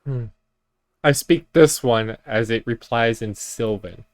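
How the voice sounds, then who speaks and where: A man's voice: medium pitch, slow, dry recording. A man narrating a tabletop game as game master, dry and teasing.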